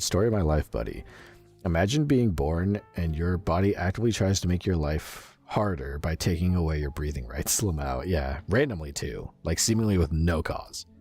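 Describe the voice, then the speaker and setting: A man's voice: sits low, a little mellow, breathy edge. A male streamer with a stuffy nose, chatting casually with his viewers in a rambling, filler-heavy way.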